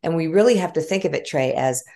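A middle-aged woman with a Chicago accent, a former journalist telling stories in an animated, conversational interview. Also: low voice, quick pace. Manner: animated storytelling with frequent laughs. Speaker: guest, former broadcast journalist.

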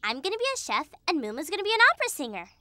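A woman's voice: high-pitched, big pitch swings, bright, forceful tone, dry recording, full character voice. A woman voicing a cheeky, cheerful young female turtle in a dubbed cartoon, teasing her friends. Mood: chatty. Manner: cheeky, teasing, quick to joke. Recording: children's music under the voice. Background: children's music.

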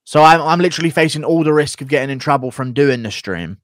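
A man's voice: a little high, lively intonation, fast talker, dry recording, studio quality. A man streaming live, chatting casually, thanking donors and joking with crude, profane banter.

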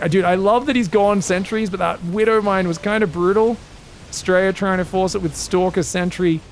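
A man casting a live esports match, excitable and joking, shouting out at big plays. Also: high voice, a little hiss or hum. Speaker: esports caster. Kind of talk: live game commentary.

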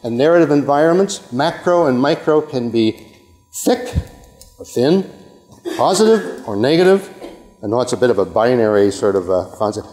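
An older man from Canada delivers a university lecture at a middling pitch, often restarting his sentences and tossing in asides and an "okay?" to his listeners. His voice carries a long reverb from the lecture hall. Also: expressive, moderate pace, a little mellow. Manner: rambling, self-interrupting, with frequent okays and asides. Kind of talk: academic lecture.

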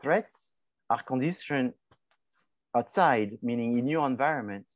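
Male professor, lecture, mid-pitched voice, conversational, dry close sound. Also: measured pace, no echo, dull audio. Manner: conversational, repeats and restarts phrases, asks and answers his own questions. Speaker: marketing professor. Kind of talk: classroom lecture.

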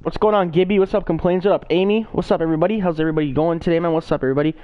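A man's voice: on the high side, steady tone, racing, smooth, dull audio. A young man live-streaming a game, casually greeting his viewers by name over a gaming headset.

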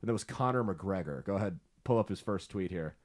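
A man's voice: low-pitched, lively intonation, brisk. A man hosting a podcast, giving emphatic, indignant commentary on the news. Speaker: podcast host.

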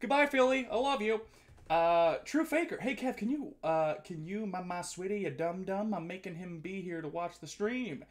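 A man's voice: sits high, moderate pace. A man streaming live, chatting casually and playfully with his viewers, reading their messages aloud and joking back.

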